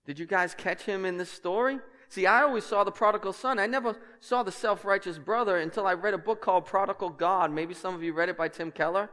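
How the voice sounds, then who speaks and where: A man's voice: fast, few pauses, sharp tone. A man preaching a sermon as pastor, passionate and emphatic, with conversational asides to his congregation. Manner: passionate, emphatic preaching that climbs in pitch and volume. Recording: long hall reverb.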